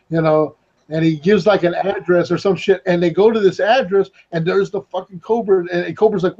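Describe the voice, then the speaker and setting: A man's voice: sits high, fairly even intonation, fairly quick, mellow, dull audio. A man hosting a casual podcast chat, rambling and swearing as he tells a story over an online voice call.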